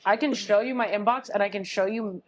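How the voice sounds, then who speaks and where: A woman from Phoenix, Arizona, a guest artist in a casual interview, telling animated stories and acting out what men said to her. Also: mid-range voice, fairly quick, a little hiss or hum. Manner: animated storytelling, acts out quoted men, laughs often.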